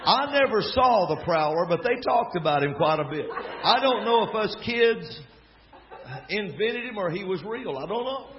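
A man with a Southern US accent, a preacher telling a family story in a folksy, animated way with laughing asides. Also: sits high, normal speed. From American South. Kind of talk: storytelling sermon. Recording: dull lo-fi recording with faint crowd and noise. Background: faint audience laughter.

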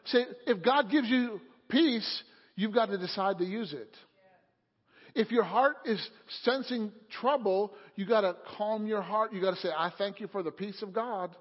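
A male pastor preaches to his church. His voice sits high, and he shifts from easy storytelling into loud, fervent exhortation. The recording is muffled and rings with long hall reverb. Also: moderate pace. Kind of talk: sermon. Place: church sanctuary.

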